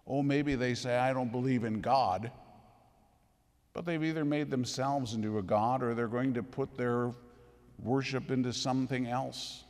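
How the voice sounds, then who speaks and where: In a church with echoey, long reverb, a man with a medium-pitched, slightly mellow voice preaches a sermon. He is emphatic and fills it with rhetorical questions.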